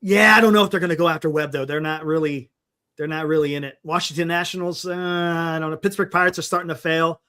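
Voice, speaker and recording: High-voiced man rambling on a sports livestream. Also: fairly even intonation, quick pace, bright, forceful tone. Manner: rambling, thinks aloud, reads names off a list. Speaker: sports talk livestream host. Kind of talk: casual sports talk. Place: home livestream setup. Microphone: desktop mic on a live stream.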